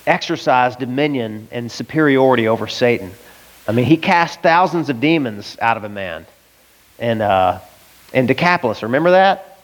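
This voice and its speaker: A man from the American South preaching a lively, conversational sermon and often asking his listeners questions. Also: medium pitch, poor audio.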